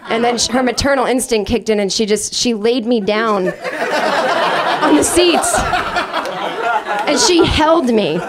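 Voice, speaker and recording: A woman performing a stand-up comedy set, telling a rambling, self-deprecating story full of fillers. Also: fairly high pitch. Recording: live club recording with audience laughter. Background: audience laughter.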